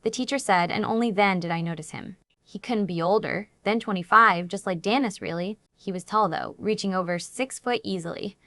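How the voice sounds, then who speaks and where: A woman's voice: medium pitch, a little fast, hardly any pauses, a bit bright, no echo. Woman narrating a dramatic story, dry sound. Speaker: audiobook narrator. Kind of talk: dramatic first-person story reading.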